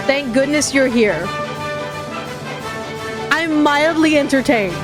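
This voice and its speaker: A woman's voice: sits high, animated, fast talker, music in the background. A woman streaming her reactions to a game showcase, talking casually with blunt, sardonic asides. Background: showcase audio playing underneath.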